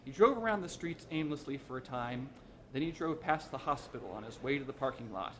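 A man reading a short story aloud as narrator, in an even, measured way. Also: medium pitch, a little hiss or hum.

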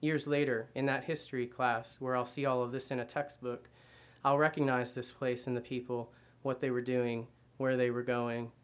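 A man giving a measured first-person reading of literary fiction. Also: mid-range voice, level tone, clean tone. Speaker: reader.

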